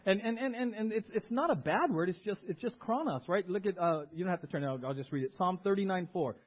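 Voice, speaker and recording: A man preaching with a high, bright-pitched voice, swinging between loud emphatic words and quieter asides. He keeps calling on the congregation to repeat key words back to him. The recording sounds dull and lo-fi, like an old church sermon tape. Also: lively intonation, fast talker, few pauses. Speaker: pastor.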